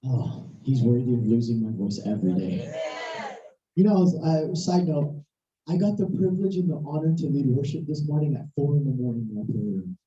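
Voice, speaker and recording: A hoarse preacher with a strained, worn voice delivers a storytelling sermon and acts out every exchange with sudden high jumps. The tone is very dark and mellow. It is heard from a distance in a roomy, echoing space with a slightly muffled sound. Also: brisk. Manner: animated, acting out dialogue with big pitch jumps.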